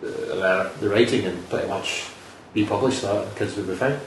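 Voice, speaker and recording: A man co-hosting a casual chat, jokey and quick to laugh. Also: on the low side. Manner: chatty, laughs often, jokey. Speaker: podcast co-host. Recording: echoey room, mic far off, faint noise.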